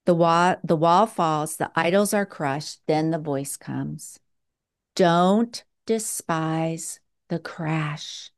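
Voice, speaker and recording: A woman preaching a sermon in a slow, earnest way, with dramatic pauses. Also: low voice.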